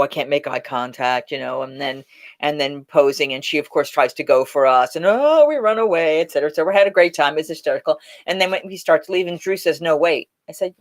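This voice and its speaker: A woman hosting a casual live chat, telling stories in an animated way and acting out quotes. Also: low-pitched. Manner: animated, laughing storyteller who acts out quotes. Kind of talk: casual live-stream storytelling.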